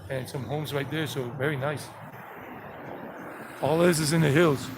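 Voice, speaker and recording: This live-streamed walking tour comes from a man with a Southern US accent, from South Carolina and Georgia, USA, who chats ramblingly and greets viewers outdoors on residential streets with passing traffic. His voice is a little high with fairly even intonation at a moderate pace, over background noise.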